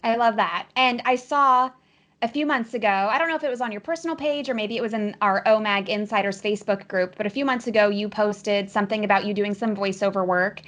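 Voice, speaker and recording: A woman's voice: medium pitch, a little fast, a bit bright. A woman podcast host, a former TV reporter, chatting enthusiastically with her guest. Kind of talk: conversational interview.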